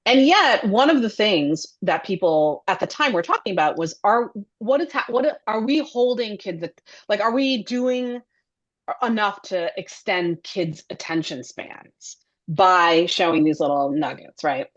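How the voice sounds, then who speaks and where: A woman who directs and produces children's television, chatting as an interview guest in a chatty, animated way with many fillers. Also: mid-range voice, unhurried, dull audio. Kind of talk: casual interview chat.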